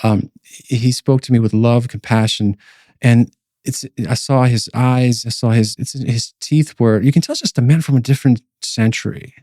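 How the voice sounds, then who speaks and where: A man's voice: mid-range voice, steady tone, moderate pace, warm tone, dry recording, studio quality. A man co-hosting a podcast, recounting a personal dream as a testimony in a rambling way, full of fillers and restarts. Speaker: podcast co-host.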